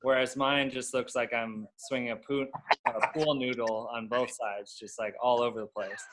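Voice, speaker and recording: A man's voice: mid-range voice, fairly even intonation, normal speed, background noise. Easygoing man poking fun at himself. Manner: rambling, self-deprecating. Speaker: guest pro golfer. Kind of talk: casual podcast chat.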